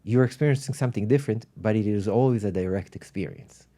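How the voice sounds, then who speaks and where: A man, a spiritual teacher, speaking in an animated, thoughtful way while telling stories in a podcast conversation. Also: on the low side, quick pace. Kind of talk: reflective storytelling in conversation.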